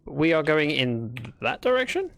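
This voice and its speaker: A man's voice: fairly high pitch, sing-song, moderate pace, vocal fry. A man chatting through a gameplay livestream, talking to himself and greeting viewers. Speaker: streamer. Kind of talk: casual gameplay livestream commentary.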